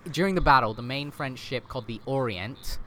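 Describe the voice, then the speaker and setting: A man's voice: medium pitch, fairly quick, bright, forceful tone, slight background noise. A man explaining history in a casual podcast chat, with lots of fillers, self-corrections and "right?" tag questions.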